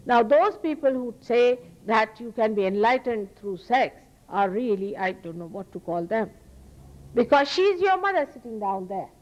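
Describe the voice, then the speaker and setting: A woman's voice: fairly high pitch, lively intonation, moderate pace, darkish tone, lo-fi sound. Earnest Indian woman giving a spiritual lecture. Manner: earnest and emphatic, with repeated phrases. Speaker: spiritual teacher. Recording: archival talk recording.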